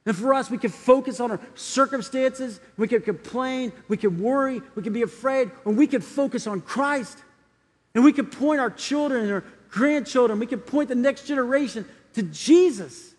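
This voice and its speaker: A man's voice: very high-pitched, moderate pace, breathy edge, big-room sound. A man preaching a sermon, telling a story and acting out the voices in it before urging his listeners on. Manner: storytelling, acting out quoted voices, building to urgent appeals. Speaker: pastor.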